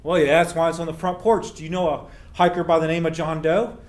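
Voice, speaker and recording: A man voicing an excitable middle-aged male hostel owner who talks loud, brusque and exasperated. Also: a little high, fast talker, lightly acted. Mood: gruff.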